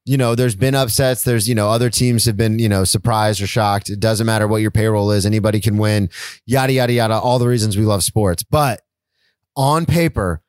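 A man's voice: fairly low pitch, fairly even intonation, a little fast, darkish tone, no room sound, clean studio sound. A man co-hosting a podcast, giving blunt opinions in casual sports chat, swearing and repeating himself. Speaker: podcast co-host.

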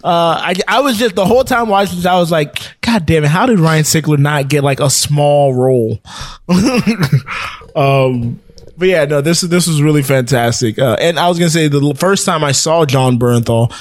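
A man with a slightly raised pitch talks loosely through a podcast chat, filling his sentences with ums and breaking into laughter. The sound is dry and close, with no room around him. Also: moderate pace, no echo. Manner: rambling, laughs often, many fillers. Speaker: podcast co-host. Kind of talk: casual chat.

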